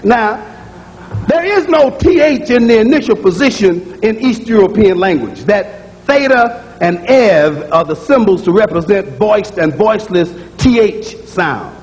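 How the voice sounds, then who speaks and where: High-voiced man lecturing emphatically in a hall. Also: lively intonation, a little slow. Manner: emphatic, repeats key phrases, sounds out speech sounds aloud. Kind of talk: public lecture to an audience. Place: lecture room with audience.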